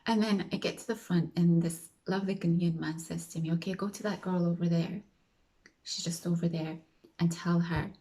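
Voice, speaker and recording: A woman's voice: lowish voice, a little mellow, poor audio. A woman vlogger telling a story in a casual way, acting out the people she quotes and sometimes dropping to a whisper. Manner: chatty, acts out quoted voices, drops to a whisper at times.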